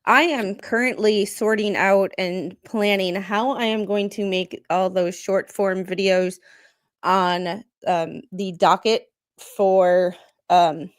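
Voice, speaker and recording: Brief: female host, chatty and rambling, mid-pitched. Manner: chatty, rambling, many ums. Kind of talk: casual livestream chat.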